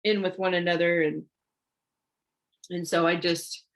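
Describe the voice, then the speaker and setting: A woman gives an informal online sermon, reads scripture, and urges listeners on with "okay?" and "y'all", stumbling and restarting when she rushes. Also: fairly low pitch, flat delivery. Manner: urgent and exhortative, repeats herself, frequent "okay?" and "y'all". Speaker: online preacher.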